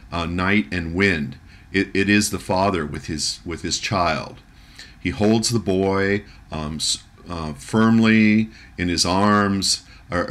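Deep, slow-spoken male music lecturer. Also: a bit bright. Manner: halting, many fillers and restarts; reads and translates a German poem aloud. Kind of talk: recorded lecture.

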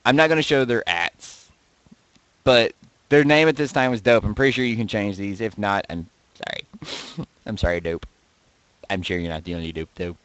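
A man casually reading and joking about viewer posts, laughing often and swinging between loud outbursts and mumbles, close to his desk mic. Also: on the low side, moderate pace, pauses often, no room sound, poor audio. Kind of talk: casual commentary. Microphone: desk mic right beside him.

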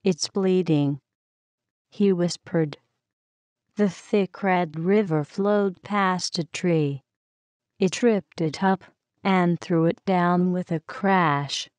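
A woman reading a children's story aloud in a gentle, expressive way. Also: fairly low pitch, slow pace, no echo.

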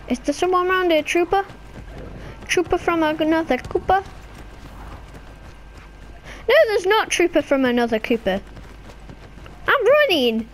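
Very high-pitched, excitable female gamer. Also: slight background noise. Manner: excitable, chatty, sudden high squeals. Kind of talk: casual gameplay commentary.

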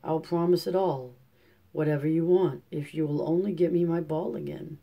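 A man's voice: a little high, moderate pace, lo-fi sound. A man reading a storybook aloud, voicing a spoiled young princess with a raised, eager and pleading delivery.

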